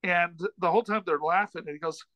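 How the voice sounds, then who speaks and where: A man's voice: sits high, quick pace, sharp tone, no room sound, poor audio. A man, a comedian and author, telling a long anecdote as a podcast guest, rambling with frequent restarts and self-deprecating asides. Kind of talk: casual storytelling in a chat.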